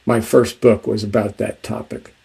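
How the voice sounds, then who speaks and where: A man, an author, giving a measured, deliberate talk about his book and reading a passage from it. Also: on the low side, flat delivery, vocal fry, a little mellow, low-quality recording.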